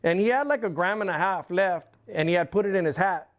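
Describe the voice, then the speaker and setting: A man's voice: sits high, fairly quick. A middle-aged man, an interview guest telling a heated, profane story in blunt, casual talk. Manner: blunt, heated, swears constantly. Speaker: interview guest, former club president.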